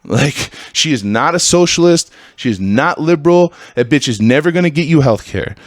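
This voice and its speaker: Recorded in a clean studio with no room sound, a man hosting a podcast rants casually and heatedly. He curses without restraint, alternating loud outbursts with low muttering.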